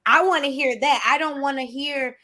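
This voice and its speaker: A woman's voice: sits high, moderate pace. A woman guest in casual conversation, talking earnestly and acting out what her clients say. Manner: earnest, animated, acts out quoted clients. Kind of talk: casual chat.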